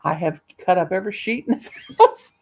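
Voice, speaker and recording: A woman's voice: lowish voice, big pitch swings, brisk. An older woman vlogger, chatty and salty, telling home stories with frequent laughter. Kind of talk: casual chat, storytelling.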